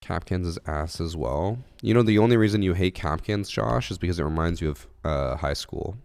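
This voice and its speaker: A man's voice: sits low, normal speed, creaky, darkish tone, clean tone. A congested male streamer chatting casually and wryly with his chat about a game. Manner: chatty, answers chat, wry.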